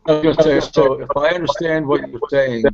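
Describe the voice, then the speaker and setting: A man's voice: a little high, fairly even intonation, a little fast, vocal fry, a crowd in the background. A gray-haired older man, a neighborhood activist, speaking hesitantly and thoughtfully in a conversational discussion. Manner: hesitant, thoughtful, many fillers. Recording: slightly muffled lo-fi.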